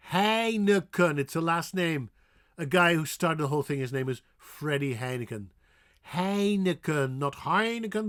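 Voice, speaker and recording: A native Dutch man with a Dutch accent teaches pronunciation at a very unhurried pace. His voice sits a bit high, and he exaggerates each word he demonstrates while cheering the listener on. The sound is dry and close. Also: bright, forceful tone, dry recording. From Netherlands. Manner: drawn-out, exaggerated demonstrations of words; encouraging and playful. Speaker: language teacher. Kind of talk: pronunciation lesson.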